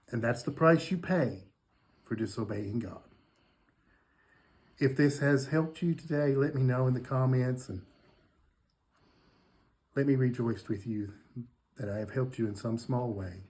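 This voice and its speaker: A man giving a folksy, animated devotional, retelling the story in a homespun, conversational way. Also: medium pitch, unhurried, long pauses. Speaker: devotional speaker.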